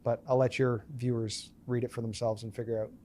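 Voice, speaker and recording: Animated man telling stories in an interview. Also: medium pitch, a little fast, a little hiss or hum. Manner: animated storyteller, acts out quoted dialogue. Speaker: podcast guest, business owner. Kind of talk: casual storytelling interview.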